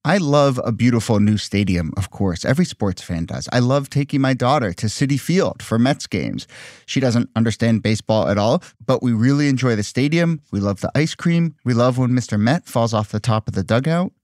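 A man's voice: mid-range voice, lively intonation, normal speed, darkish tone, no echo, studio quality. A man hosting a podcast, narrating in a wry, conversational and skeptical way. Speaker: podcast host. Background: faint music.

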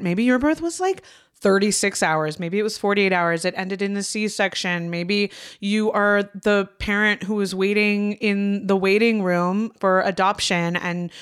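A woman's voice: medium pitch, clear, resonant tone. A woman in her thirties hosting a podcast, talking in a heartfelt way, swearing freely and close to tears. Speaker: podcast host. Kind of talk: casual podcast chat.

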